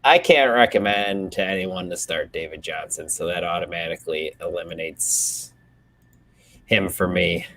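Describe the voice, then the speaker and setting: A man's voice: low-pitched, moderate pace, a bit bright. A man co-hosting a podcast, easygoing, reading listener questions out plainly. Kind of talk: casual sports chat.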